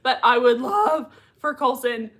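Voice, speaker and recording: A woman hosting a casual livestream, chatting excitedly and giggling while reading viewer comments. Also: high voice, unhurried. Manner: excitable, giggly, many fillers. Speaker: livestream host reacting to a TV show.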